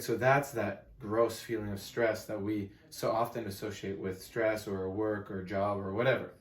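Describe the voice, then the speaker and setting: A man's voice: fairly low pitch, echoey room. A man, a self-help coach, teaching casually to camera in a room with a whiteboard, talking conversationally and emphatically and checking in with the listener often.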